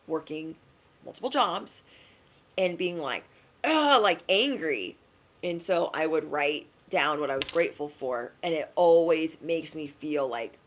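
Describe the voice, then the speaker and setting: A young woman giving a casual spiritual pep talk to her viewers, chatty and slangy, acting out quick asides. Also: low-pitched. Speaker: spiritual reader.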